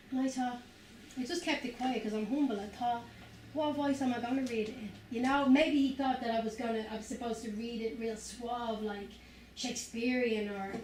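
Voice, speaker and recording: Irish woman poet, chatty and loose with students; slightly high voice, faint room ambience. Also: a little hiss or hum. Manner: chatty, loose, full of "like" and "you know what I mean". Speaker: visiting spoken word poet. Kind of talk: casual talk to school students. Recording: echoey room from far off.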